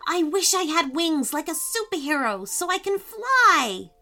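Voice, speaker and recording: Excited little boy in a storybook, high voice jumping all over, woman reading it. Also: unhurried. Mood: eager. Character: eager young boy, easily upset.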